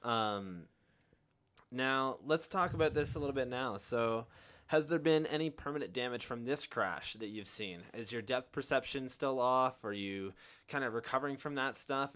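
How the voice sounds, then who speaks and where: A man's voice: medium pitch, expressive, moderate pace, fairly bright tone, smooth. A young man hosting a podcast in casual chat, laid-back and encouraging, full of "like" and "um". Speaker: podcast host.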